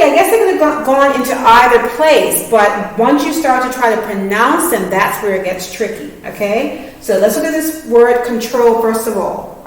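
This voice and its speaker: Woman teacher, fairly high voice, patient and encouraging, echoey room, sounds a bit far from the mic. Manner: patient, encouraging, asks many checking questions. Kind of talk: reading lesson for children.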